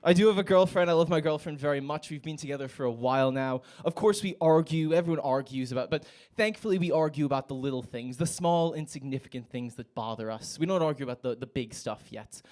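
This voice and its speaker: A man's voice: mid-range voice, quick pace, few pauses, darkish tone. A young American man performing a stand-up set in a comedy club, with a wry, self-mocking delivery.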